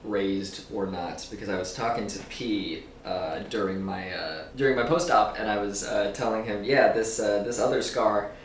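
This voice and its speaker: A man's voice: fairly low pitch, normal speed, few pauses, distant mic, a little hiss or hum. A man vlogging in casual chat, rambling loosely, swearing and laughing often. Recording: roomy echo, a bit off-mic, faint ambience.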